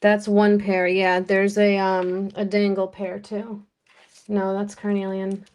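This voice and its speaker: Slow-talking woman running a live auction. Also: mid-range voice, monotone, a little mellow, smooth. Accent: American. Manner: chatty, running bids while handling jewelry; unhurried, describing pieces in detail. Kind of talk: live-stream auction patter.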